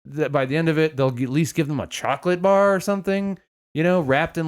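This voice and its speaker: A man's voice: on the high side, fast talker. A man co-hosting a podcast, rambling in a casual, sarcastic way and swearing often. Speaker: podcast co-host.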